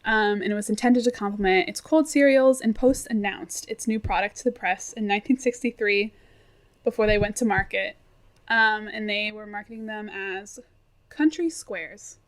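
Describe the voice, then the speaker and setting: A woman's voice: medium pitch, moderate pace. A young woman co-hosting a casual podcast chat, reading out facts with giggly asides. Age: young adult. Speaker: podcast co-host presenting research.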